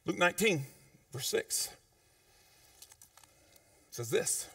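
A man preaching a sermon as pastor, in a conversational, informal way with slang, swinging between loud emphatic peaks and low quiet asides. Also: big pitch swings, moderate pace, no room sound, recorded from a distance. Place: church sanctuary.

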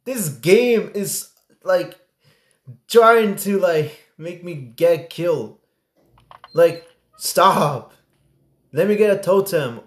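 A young man commentating a horror game as he plays, excitable and prone to sudden yelps and swearing. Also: high voice, slow, long pauses, roomy sound. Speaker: gaming streamer. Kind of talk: gameplay commentary.

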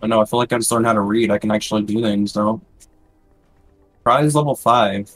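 A man's voice: lowish voice, brisk, fairly bright tone, soft background music, rough recording. A man playing along on a live-stream, making laid-back, offhand comments in casual gaming chat. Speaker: co-player on stream.

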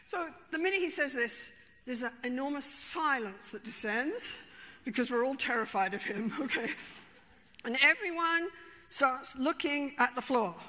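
A woman therapist telling an emphatic, expressive story to a conference audience, with frequent asides to the listeners. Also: sits high, a little slow. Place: large conference hall. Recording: long reverb in a large hall.

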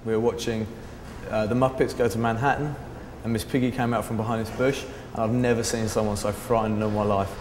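A man's voice: fairly even intonation, fairly quick. Man telling a story, echoey room. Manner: rambling, says "like" often, swears freely; raises his pitch sharply to act out quoted people. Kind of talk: casual anecdote to camera. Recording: echoey room with long reverb.

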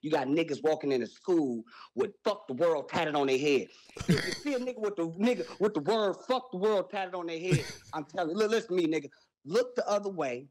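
A young man telling a wild story on a podcast, loud and animated, with sound effects and profane slang. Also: a little high, fairly quick, poor audio.

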